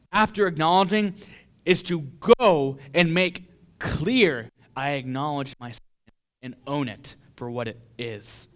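Animated male preacher, fairly high voice. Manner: animated preaching with acted-out quotes, swinging loud and soft. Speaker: pastor. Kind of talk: sermon.

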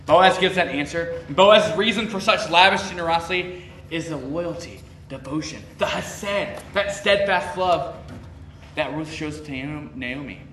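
A man's voice: on the high side, a little slow, fairly bright tone, distant mic, a little hiss or hum. Man preaching in an echoey church. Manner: conversational preaching, rising emphatic questions, acts out quoted speech. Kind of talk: sermon. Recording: roomy echo, voice from off-mic.

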